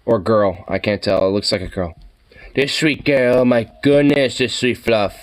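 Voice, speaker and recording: A man streaming casually, reacting to cat pictures with excitable gushing and casual swearing. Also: medium pitch, normal speed. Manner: excitable, gushing over cats, casually profane.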